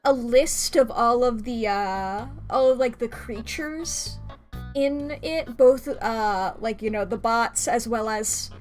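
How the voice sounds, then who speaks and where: Chatty young woman streamer, slightly high voice. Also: slow pace, a little mellow, soft background music. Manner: rambling and chatty, laughs often. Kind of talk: casual gameplay chat.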